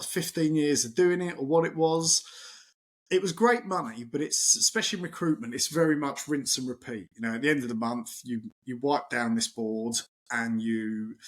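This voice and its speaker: A middle-aged man, a chef and podcast guest, telling stories in casual chat, lively and acting out quotes, with many restarts. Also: on the high side.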